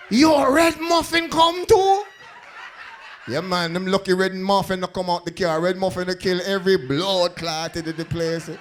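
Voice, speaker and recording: High-voiced New stand-up comic. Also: male voice, moderate pace, a little hiss or hum. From South Bronx, New York. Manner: animated, streetwise storyteller. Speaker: stand-up comedian. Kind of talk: stand-up comedy. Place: comedy club stage.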